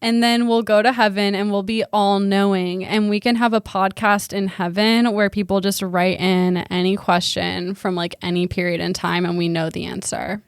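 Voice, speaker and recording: A woman's voice: mid-range voice, little pitch movement, normal speed, few pauses, clear, resonant tone, dry recording. Chatty woman co-host, dry close sound. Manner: chatty explaining, many "like" fillers. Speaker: podcast co-host presenting a topic. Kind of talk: casual comedic chat.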